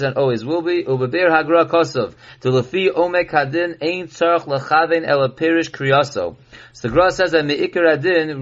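A rabbi giving a recorded Torah class, reading Hebrew text and explaining it in English. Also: male voice, a little high, fairly bright tone. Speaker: rabbi teaching halacha. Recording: dull lo-fi recording.

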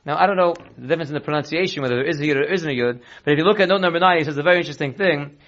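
A rabbi teaching a text-based Torah class, reading Hebrew and Aramaic slowly, then explaining it quickly in English. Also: male voice, a little high, a bit bright. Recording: dull lo-fi recording.

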